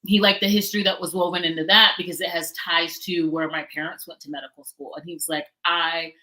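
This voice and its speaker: A woman chatting casually on a livestream, animated and quick to laugh, often trailing off and restarting. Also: fairly low pitch, rough recording. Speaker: book blogger and guest co-host.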